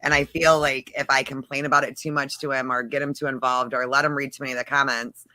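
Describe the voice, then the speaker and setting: A woman chatting casually in a group, telling stories in an animated, chatty way. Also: extremely low pitch, quick pace, no room sound, rough recording.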